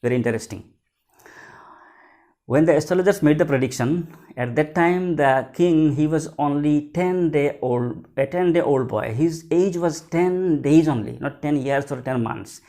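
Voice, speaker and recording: A man's voice: on the high side, a little slow, warm tone. A male teacher reading a story aloud and explaining it line by line in simple words. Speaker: English teacher. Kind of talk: textbook lesson explanation.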